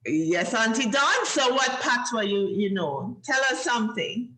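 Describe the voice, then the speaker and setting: Bright Jamaican woman, encouraging children. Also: a little high, big pitch swings, unhurried, a little hiss or hum. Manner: encouraging, teacherly, laughs often. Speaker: host of a children's show. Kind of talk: lively chat with kids on a video call. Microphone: video call.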